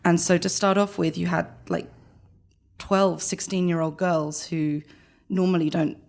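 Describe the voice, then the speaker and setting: A woman with a London accent, a guest chatting casually in an interview, animated and quick to laugh. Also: on the low side. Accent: London English. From London, England. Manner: animated, laughs often, rapid bursts. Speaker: guest, chamber engagement director.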